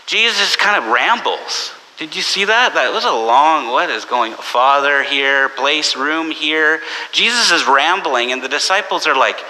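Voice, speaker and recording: Pastor, male, casual storytelling sermon; very bright tone, faint hiss on the recording. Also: on the high side, a little slow. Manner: conversational, anecdotal, with animated quoted voices. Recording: long church reverb with faint hiss.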